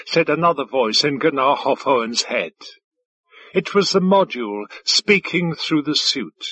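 A man reading science-fiction narration in a measured, deliberate manner on a close studio mic. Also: fairly high pitch, animated, fairly bright tone. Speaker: audiobook narrator. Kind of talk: scripted narration.

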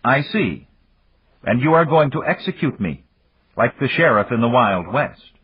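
A man voicing a cornered Russian man who speaks with bitter menace, in a husky voice on a dull recording. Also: mid-range voice, sing-song, measured pace, dry recording, pitched above the performer's own voice, heavily acted.

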